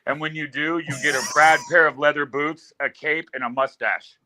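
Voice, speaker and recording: A man's voice: fairly high pitch, fairly even intonation, moderate pace, bright, forceful tone, slight background noise, poor audio. A man in his fifties, a guest musician, telling rambling stories with loose fillers in casual talk. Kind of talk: casual storytelling.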